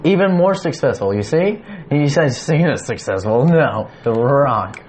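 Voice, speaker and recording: A man's voice: medium pitch, lively intonation, measured pace, a little mellow, a little hiss or hum. A man co-hosting a casual podcast, laid-back and teasing. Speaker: podcast co-host. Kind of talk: casual chat.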